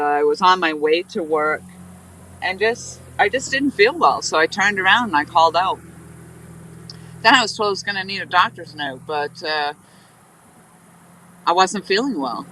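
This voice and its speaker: A woman's voice: low-pitched, bright, forceful tone, slight background noise, poor audio. Rambling nasal-sounding woman streaming chat. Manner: rambling, chatty, laughs often. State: stuffy, nasal from blocked sinuses. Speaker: fishing livestream host. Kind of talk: casual live-stream chat. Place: outdoors by a river.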